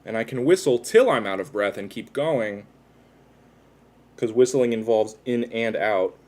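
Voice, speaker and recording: A man's voice: mid-range voice, measured pace, darkish tone. Man, livestream chat, rambling, self-deprecating, casual, home setup. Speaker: livestreamer tattooing himself.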